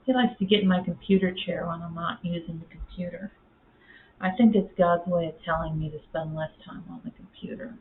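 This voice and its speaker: A woman's voice: fairly low pitch, fairly even intonation, a little fast. A woman chatting casually in a home vlog, rambling with lots of fillers and cooing at her cats in baby talk. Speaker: vlogger. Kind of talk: casual chat. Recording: tinny phone-like audio with faint noise.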